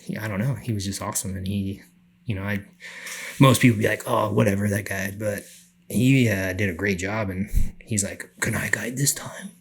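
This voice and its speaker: A middle-aged man telling a story on a podcast, animated, acting out the people he quotes. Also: lowish voice, moderate pace, creaky, slightly rough. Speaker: podcast guest. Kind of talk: casual storytelling.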